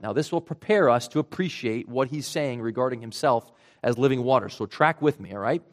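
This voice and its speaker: A man's voice: medium pitch, brisk. A man with a Rhode Island accent, preaching a sermon in a conversational way and explaining step by step with asides. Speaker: pastor.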